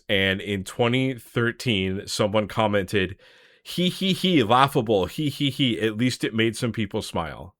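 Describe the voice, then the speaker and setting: Podcast co-host, young man, low voice, eager and chatty, dry recording. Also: no echo. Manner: chatty, excited, laughs often. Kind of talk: casual podcast chat.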